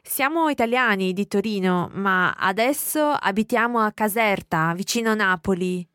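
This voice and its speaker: A woman playing a friendly young Italian woman chatting with a visitor, speaking clearly for learners. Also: medium pitch, a bit bright, dry recording, clean studio sound, lightly acted. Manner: slow, clear teaching pace.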